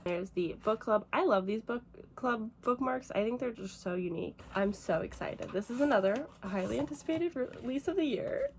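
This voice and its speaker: A woman's voice: fairly high pitch, vocal fry, a little hiss or hum. Teary, gushing young woman book vlogger. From United States. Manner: gushing, emotional and excitable; fast, rambling with many fillers. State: teary, emotional. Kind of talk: casual vlog chat.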